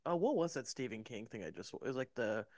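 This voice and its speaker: A man's voice: mid-range voice, expressive, fast talker, dry recording. A man co-hosting a podcast, talking casually in a loose, filler-heavy way. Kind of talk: casual chat.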